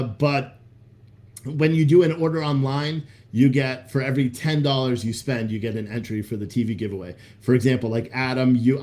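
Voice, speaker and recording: A man hosting a live stream, talking casually to his chat at a middle pitch. His talk is loose and hyped-up, with plenty of swearing. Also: darkish tone. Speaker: livestream host selling coffee.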